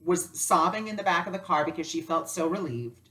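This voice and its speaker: Low-voiced woman telling a lesson story. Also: fairly quick. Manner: animated, acts out dialogue with lively voices. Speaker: spiritual teacher and life coach.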